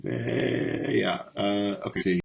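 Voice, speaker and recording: A man hosting a casual stream discussion, talking haltingly with lots of fillers and restarts. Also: lowish voice, creaky.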